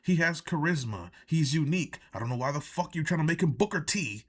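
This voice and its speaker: A man's voice: a little high, animated, fairly quick, slightly rough. A man reviewing a wrestling show in a profane, indignant reaction rant. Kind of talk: ranting reaction commentary.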